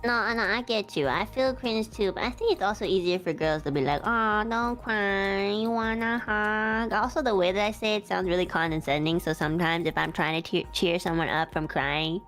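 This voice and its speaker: A woman with a nasal voice chatting on a livestream, teasing with deadpan jokes. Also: lowish voice, fairly quick, few pauses, faint music behind. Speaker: streamer. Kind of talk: casual livestream chat.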